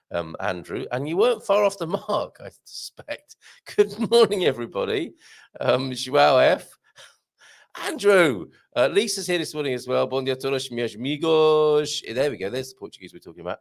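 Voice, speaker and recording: A middle-aged livestream host with a medium-pitched, gravelly, slightly croaky voice swings widely up and down as he chats. Jokey and self-mocking, he reads viewer comments aloud between chuckles.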